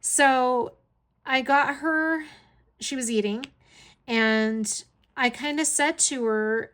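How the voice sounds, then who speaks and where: A woman's voice: a little high, takes it slowly, a bit bright, smooth. Chatty woman telling a home story. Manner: chatty, laughs often while telling the story. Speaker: hobby vlogger, caregiver to her aunt. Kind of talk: casual storytelling chat.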